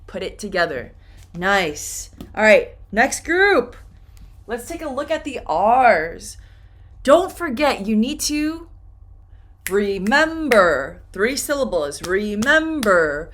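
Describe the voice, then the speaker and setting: Slow, lively woman teaching pronunciation. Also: mid-range voice. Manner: repeats words slowly and clearly for learners. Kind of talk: slow, deliberate pronunciation lesson.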